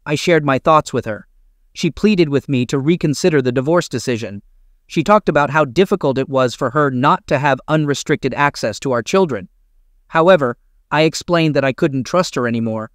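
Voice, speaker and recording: A man narrates a first-person story aloud in an even, steady storytelling manner. His mid-range voice is close-miked, with no echo.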